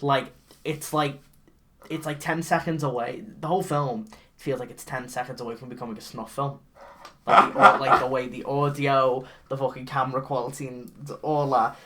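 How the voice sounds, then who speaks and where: A man co-hosting a casual comedy podcast, animatedly recapping a bad movie with lots of swearing and quick character impressions. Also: mid-range voice. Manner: animated, swearing, mimics characters mid-story. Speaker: podcast co-host.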